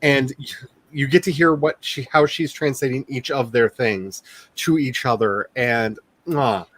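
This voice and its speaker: A man's voice: medium pitch, unhurried, dry recording. Gushing man chatting on a stream. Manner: animated, gushing, laughs often. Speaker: author and stream host. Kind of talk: casual chat on a writing stream.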